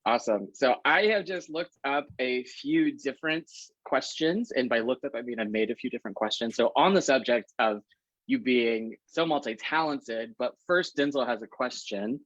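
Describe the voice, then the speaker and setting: A male co-host interviewing a guest over a video call. The audio is dry and a little dull and lo-fi. He asks his questions in a friendly, measured way. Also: medium pitch, a bit bright, dry recording. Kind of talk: casual chat interview.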